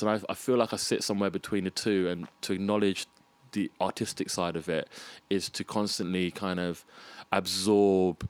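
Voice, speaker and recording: A low-pitched man talks as a guest in a casual conversation. He is reflective and thinks out loud, restarting phrases and warming to his subject. The sound is dry and close, with little room around it. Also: clear, resonant tone, dry recording. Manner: reflective, restarts and lists ideas, animated about music. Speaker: podcast guest, freelance arts producer.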